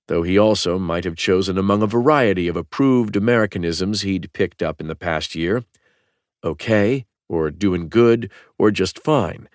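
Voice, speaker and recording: A man reading a thriller audiobook in a calm, even manner. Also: deep voice, dry recording, studio quality. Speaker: audiobook narrator. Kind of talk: scripted narration.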